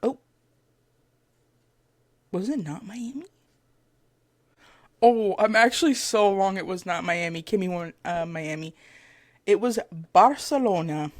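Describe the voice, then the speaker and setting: A woman chatting casually to camera as a vlogger, excitable and rambling, with lots of fillers, giggles and self-corrections. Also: medium pitch, unhurried, long pauses. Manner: gushing fan talk with giggles.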